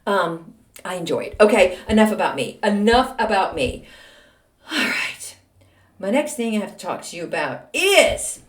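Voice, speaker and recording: A woman's voice: mid-range voice, animated, fairly quick. A woman in her sixties from Texas, hosting a podcast with a chatty, self-mocking, ranting monologue. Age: 60s. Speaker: podcast host. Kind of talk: casual monologue.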